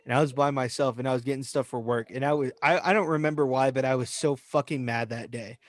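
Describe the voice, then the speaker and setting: A man's voice: medium pitch, fairly even intonation, fast, no echo. A young man, casually telling a profane, joking story as a podcast co-host. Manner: storytelling, swearing, laughing often. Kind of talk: casual chat.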